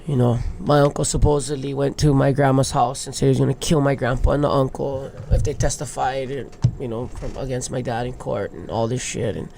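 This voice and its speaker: Male surfer from Hawaii, 30s, gravelly and candid, casual swearing. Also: medium pitch, fairly even intonation, brisk, few pauses, background noise. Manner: open, emotional, swears casually. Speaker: guest, big wave surfer. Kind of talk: candid podcast storytelling.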